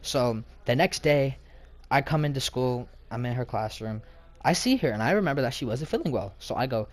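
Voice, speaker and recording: A man's voice: mid-range voice, lively intonation, moderate pace. A man telling a casual storytime about a clash with his teacher, slangy, rambling and indignant.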